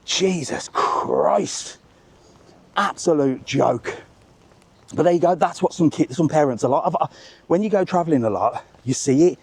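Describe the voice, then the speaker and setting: A man hosting a live travel vlog, telling a story as an animated, swearing rant while walking outdoors. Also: fairly high pitch, moderate pace, gravelly, husky. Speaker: travel vlogger, live stream host. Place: outdoors among bars and restaurants.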